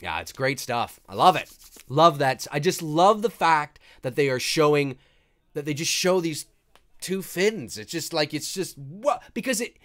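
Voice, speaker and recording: Excitable man with a lively voice. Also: fairly high pitch, unhurried. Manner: excitable, swears freely, reads chat aloud. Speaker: host giving live movie commentary. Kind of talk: casual live commentary.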